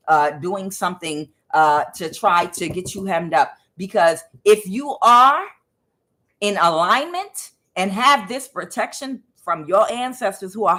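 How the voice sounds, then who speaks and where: A woman's voice: mid-range voice, a bit bright. A woman tarot reader giving a casual, emphatic spiritual reading, preachy and blunt, with some swearing.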